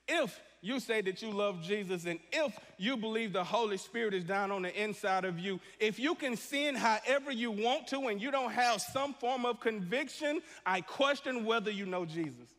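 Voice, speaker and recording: High-voiced preacher in a reverberant hall. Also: male voice. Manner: animated preaching, acts out prayers in a hushed voice. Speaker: pastor. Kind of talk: sermon. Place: church sanctuary.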